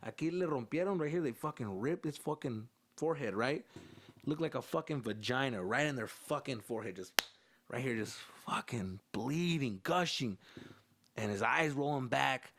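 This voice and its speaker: A man's voice: mid-range voice, normal speed, slight background noise. A young man hosting a podcast, telling stories in casual, profane English with Spanish slang mixed in, acting out the voices of the people in them. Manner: profane, animated, acts out other voices. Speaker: podcast host. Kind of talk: casual storytelling monologue.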